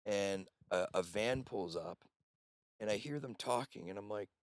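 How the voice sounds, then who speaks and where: A man's voice: fairly low pitch, unhurried, no room sound. A man, host of an off-grid cabin, telling long rambling stories in casual conversation and swearing now and then.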